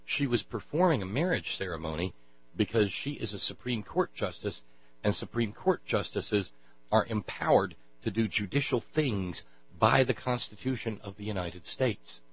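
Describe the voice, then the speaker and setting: A man's voice: lively intonation, moderate pace, slightly rough. A man hosting a political talk show, giving mocking, scornful commentary over played clips. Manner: mocking, scornful, shouts in falsetto mockery. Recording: dull lo-fi audio with mains hum.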